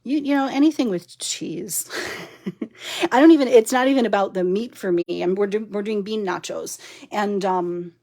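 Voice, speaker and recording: Giggly gravelly-voiced woman crafting live. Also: medium pitch, moderate pace, dark tone. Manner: chatty and giggly, talks to viewers while working. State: overtired and punchy. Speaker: papercraft demonstrator. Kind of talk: live-stream crafting chat.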